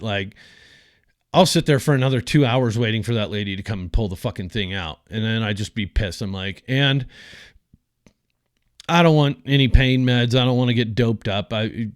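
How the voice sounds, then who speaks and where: A man's voice: mid-range voice, dry recording, studio quality. A man telling a story from his own life on a podcast, swearing freely and acting out the quoted lines of the people in it. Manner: profane, animated retelling with quoted dialogue. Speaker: podcast host. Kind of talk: casual storytelling.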